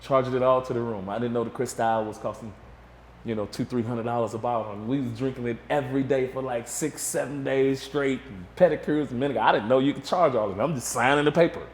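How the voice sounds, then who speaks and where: A man's voice: mid-range voice, fast talker, a little hiss or hum. Man telling a story in an echoey room. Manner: animated storytelling, acts out voices of others. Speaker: interview guest. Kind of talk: storytelling interview. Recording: echoey room with faint ambience.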